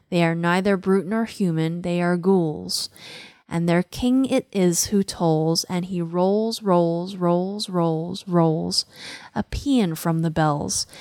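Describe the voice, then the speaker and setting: Her voice is on the low side with a darkish tone, captured in a dry, studio-quality recording. Teaching a poem, she first recites it dramatically, stressing its rhythm and dwelling on repeated words, and then walks through its language.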